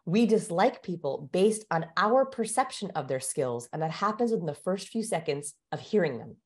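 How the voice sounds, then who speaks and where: This communication researcher, a guest on an interview show, explains things energetically, much like a teacher running demonstrations. Her voice is fairly low and expressive, and she keeps a moderate pace.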